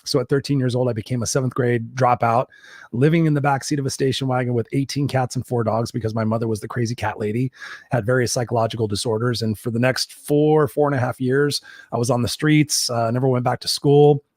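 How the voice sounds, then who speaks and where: A man's voice: mid-range voice, steady tone, brisk, a little mellow, dry recording, clean studio sound. A man who works as a life coach, guest in an interview, telling his story bluntly and candidly, with some swearing.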